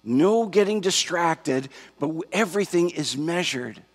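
A pastor preaching a sermon to his church, slow and emphatic, repeating key phrases. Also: fairly high pitch, animated. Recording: long hall reverb.

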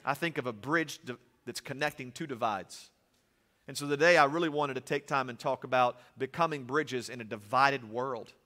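Man, pastor, lively sermon with jokes, bright tense voice, long church reverb. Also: medium pitch, normal speed. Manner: animated preaching with humorous asides, swings from loud to soft. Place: church sanctuary.

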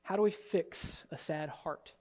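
Guy preaching a sermon, high voice, gets loud then goes real quiet. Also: unhurried. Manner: animated, swings from soft and low to loud and high. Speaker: pastor. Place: church sanctuary.

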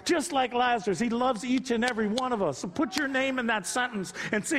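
An older male pastor in his sixties with a notably high voice delivers an unscripted sermon. He shifts between gentle personal stories and fervent, climbing pleas. His voice rings out with a long reverb through a church sanctuary. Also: fairly quick, hardly any pauses. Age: 60s. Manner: preaches off the cuff, building from quiet storytelling to impassioned rising appeals.

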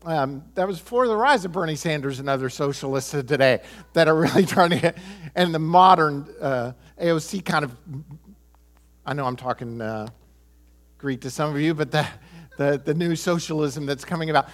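An American man in middle age preaches with emphasis, driving points home by saying them twice. His voice sits a little high for a man, and he slips in a chuckle and short asides. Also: moderate pace. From United States. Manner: emphatic, repeats key phrases, chuckles, quotes people in voices. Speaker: pastor. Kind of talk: sermon.

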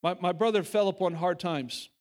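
At a moderate pace, a high-pitched male pastor gives his sermon with sincere conviction. He trips over words and restarts often, dipping into hushed, intimate passages and then climbing again to press his message.

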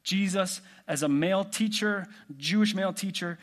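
Man, pastor, sermon, conversational, rhetorical questions, slightly high pitch. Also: normal speed, fairly bright tone.

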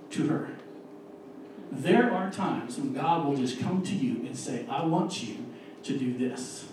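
A man's voice: on the high side, mellow, a little hiss or hum. Man preaching in an echoey church. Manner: earnest, emphatic, slows down to stress key words. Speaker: lay preacher. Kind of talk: sermon with scripture reading. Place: church sanctuary. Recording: distant, echoey church room recording.

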